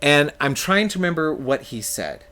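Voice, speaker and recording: A man's voice: a little high, big pitch swings, normal speed, pushed and bright. A man from California, streaming a game and telling rambling, self-mocking stories, laughing often as he talks. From California, United States. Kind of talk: casual storytelling chat on a live stream.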